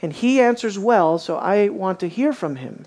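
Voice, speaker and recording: A woman's voice: medium pitch, moderate pace. A woman teaching a bible study, asking her listeners questions and acting out the quoted lines. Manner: animated, asks the audience questions, acts out quotes.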